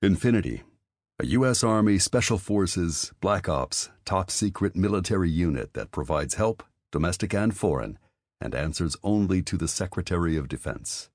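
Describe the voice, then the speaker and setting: A man narrating an audiobook in an even, measured reading. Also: sits low, dry recording, studio quality. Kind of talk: scripted narration.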